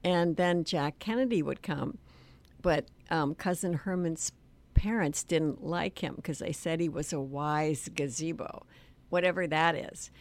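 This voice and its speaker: An older woman telling family stories in an interview, hesitant and soft-spoken. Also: sits low, unhurried. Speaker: author and guest. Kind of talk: storytelling interview.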